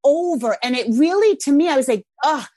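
A middle-aged woman in casual chat, telling lively stories and swearing casually. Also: high voice, fast talker, dry recording. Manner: animated storyteller, swears casually.

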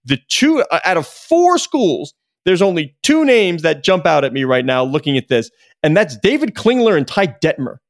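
A man's voice: a little high, sing-song, normal speed, no room sound, studio quality. A man co-hosting a podcast in a casual chat, self-deprecating and joking. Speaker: podcast co-host, business journalist.

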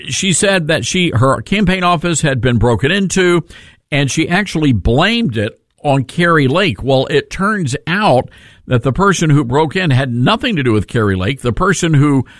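A man's voice: on the high side, a bit bright, no room sound. A male talk radio host on a studio mic, combative and sarcastic. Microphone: studio microphone.

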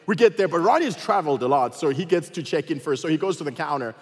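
Husky, lively male pastor preaching. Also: fairly high pitch, fast talker, big-room sound. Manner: animated, swings between loud and quiet. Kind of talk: sermon with personal storytelling.

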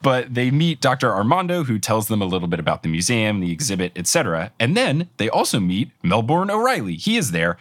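A man's voice: lowish voice, sing-song, a little fast, few pauses, dry recording. A man hosting a playful podcast game, recapping cartoon mysteries in a chatty, joking way and often breaking into giggles. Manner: giggly, chatty, jokey storytelling. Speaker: game show host.

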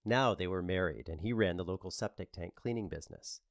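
A man narrating a novel as an audiobook, with a wry, lively storytelling manner. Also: sits low, a little fast, gravelly, no echo, studio quality.

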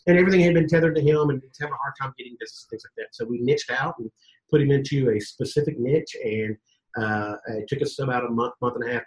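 A man telling stories in a casual podcast interview as a guest coach, animated, acting out quotes and swearing casually. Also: medium pitch, low-quality recording.

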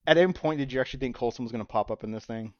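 A man's voice: mid-range voice, very fast, darkish tone, no room sound. Man, podcast co-host, laughs a lot, muffled dry audio. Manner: giggly, riffing on jokes. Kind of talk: casual chat.

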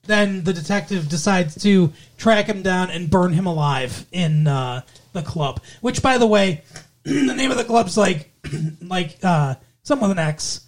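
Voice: medium pitch, expressive, measured pace. Rambling, profane podcast co-host. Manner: profane, rambling, lots of fillers. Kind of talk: casual movie review chat.

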